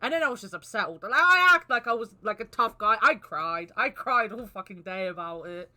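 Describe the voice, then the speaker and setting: A woman chatting on a podcast, her voice very bright and lively in pitch. She swears freely and laughs often as she talks. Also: a little fast. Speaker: podcast co-host. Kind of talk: casual chat.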